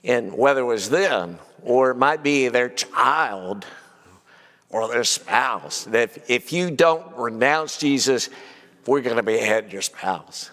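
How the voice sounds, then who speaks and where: A man's voice: mid-range voice, animated, slow, a bit bright. A man preaching a conversational Bible class in a church, asking many rhetorical questions and often saying "you know". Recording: long hall reverb.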